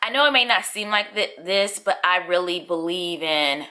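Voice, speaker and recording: A chatty woman in her thirties talking to her viewers in a casual vlog. Her voice is bright and forward, and she laughs often as she catches them up on her life. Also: on the low side, lively intonation, moderate pace. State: out of breath. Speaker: vlogger. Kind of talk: casual chat to camera.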